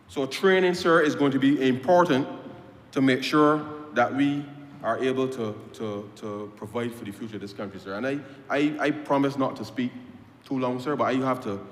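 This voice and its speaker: A man's voice: mid-range voice, a little hiss or hum. A Barbadian man giving an impassioned parliamentary speech, repeating phrases and addressing the Speaker as sir. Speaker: member of parliament. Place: parliament chamber. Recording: roomy chamber with long reverb.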